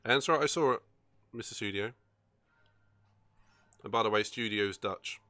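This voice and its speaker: A man chatting casually while playing a racing game on a live stream, excitable and quick to laugh. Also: lowish voice, no room sound. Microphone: far from the microphone.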